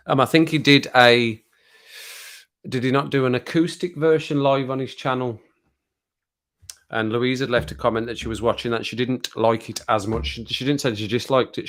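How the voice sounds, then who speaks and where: Chuckling at his own expense, a man from the English Midlands rambles casually during a live stream. He speaks at a normal speed in a mid-range voice with a bit of brightness.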